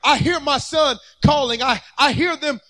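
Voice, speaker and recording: A man preaching, acting out Jesus as a compassionate man calling to his followers in a loud, proclaiming way. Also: very high voice, moderate pace.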